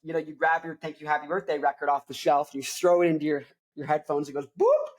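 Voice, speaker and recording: A man's voice: fairly high pitch, steady tone, fast talker. A young man hosting a rock show, reviewing an album in a rambling, jokey, digressive way. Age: young adult. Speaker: host. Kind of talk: casual album review chat.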